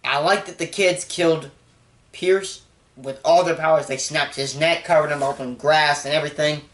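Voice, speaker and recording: Excitable young man in an echoey room. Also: moderate pace. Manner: excitable, with sudden jumps in pitch and volume. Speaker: movie reviewer. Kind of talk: casual movie recap.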